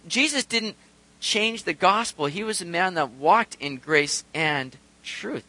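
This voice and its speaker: Speaking slowly, a male pastor delivers his sermon in a high, animated voice, lifting and dropping his pitch through rhetorical questions and quick impressions of those he quotes. The tone is bright and forceful, captured in a dry, close, rough recording.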